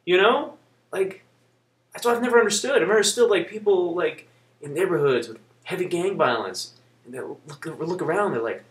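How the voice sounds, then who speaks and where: Man, high lively voice, heated rant, casual swearing, echoey room. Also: brisk. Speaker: vlogger. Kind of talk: ranting video blog.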